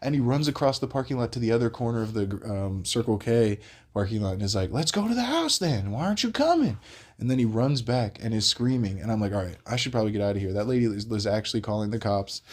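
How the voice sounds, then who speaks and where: A young man with a fairly low voice, hosting a casual vlog. He tells a rambling story with a lot of energy, swears without a second thought, and jumps into the voices of the people in it. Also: quick pace. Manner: animated, laughs while telling, swears freely, acts out the people he quotes. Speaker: vlog host.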